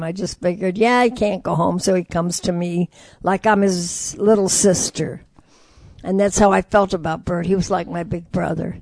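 An older woman from Detroit, a jazz singer telling stories in an interview, animated and acting out the voices of the people she quotes. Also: lowish voice, vocal fry, dry recording. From Detroit, USA. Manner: lively storyteller who acts out quoted voices. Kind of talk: storytelling interview.

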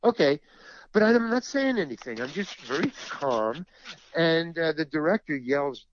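A man's voice: on the high side, animated, moderate pace, highs cut off. A man who is an actor and stand-up comedian, telling an anecdote in an interview and acting out other people's lines.

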